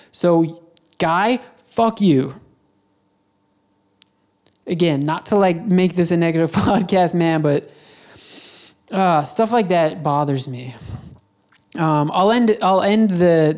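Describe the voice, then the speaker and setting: A man's voice: high voice, darkish tone. A man hosting a podcast, telling a travel story in a casual, rambling way and often correcting himself. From United States. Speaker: podcast host.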